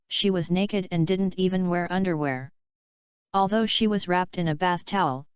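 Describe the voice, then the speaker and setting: A woman narrating a novel audiobook in an even, unhurried reading voice. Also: fairly low pitch, clear, resonant tone, no echo. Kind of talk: scripted narration. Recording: dull lo-fi dry recording.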